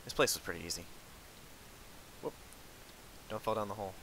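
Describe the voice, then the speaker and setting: A man's voice: fairly low pitch, fairly quick, background noise. A young man hosting casual gameplay commentary, teasing his co-player with joking banter. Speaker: channel host.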